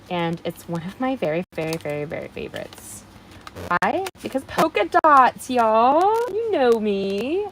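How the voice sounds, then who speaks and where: A woman's voice: mid-range voice, a little hiss or hum, low-quality recording. A woman hosting a live card-making stream, chatting in a bubbly way straight to her viewers as she demonstrates. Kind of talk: casual live craft demonstration.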